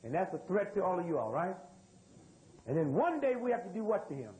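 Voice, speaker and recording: An American man gives a live lecture to an audience in a room, telling stories in drawling speech with loose spoken grammar and repeatedly asking the crowd questions in call-and-response fashion. His voice is high-pitched and sing-song, fairly quick, and dark in tone. The audio is poor.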